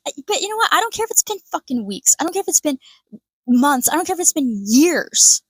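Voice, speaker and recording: A woman's voice: high-pitched, sing-song, fast talker, dry recording. A woman giving a profane, sarcastic reaction commentary, swearing often and mocking others in put-on voices.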